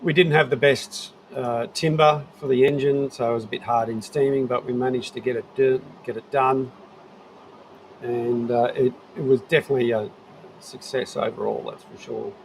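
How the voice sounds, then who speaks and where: A man's voice: medium pitch, steady tone, normal speed, slight background noise, rough recording. A middle-aged Australian man casually chatting to viewers on a live stream from his shed, rambling and easygoing while he fiddles with his setup. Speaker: livestream host. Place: home shed.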